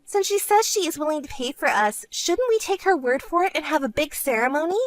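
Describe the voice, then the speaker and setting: A woman voicing a vain, self-centered young woman who talks in a smug, whiny way and turns shrill when angry, in an animated story. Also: brisk, no room sound, soft background music. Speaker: bride-to-be sister.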